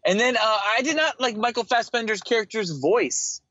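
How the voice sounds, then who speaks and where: A man's voice: extremely high pitch, expressive, brisk, bright, forceful tone, dry recording. A man co-hosting a podcast, chatting casually about a film, agreeable and jokey, with frequent laughs. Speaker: podcast co-host. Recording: dry, dull lo-fi mic.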